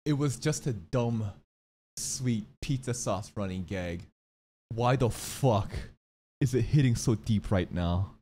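A young man giving casual, excitable reaction commentary on an anime, swearing and joking as he talks. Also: on the low side, slow, breathy edge.

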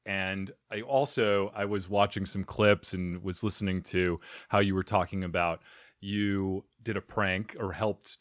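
Male podcast host, easygoing; low voice, dry close mic. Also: dry recording. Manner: easygoing, laughs often. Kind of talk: casual podcast interview.

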